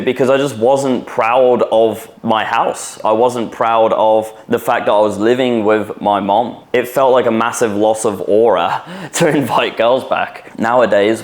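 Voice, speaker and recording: A man in his twenties talks straight to camera from his apartment, delivering an intense motivational monologue for young men. His voice sits a little low, and his talk is blunt and full of swearing. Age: 20s. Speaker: self-improvement vlogger.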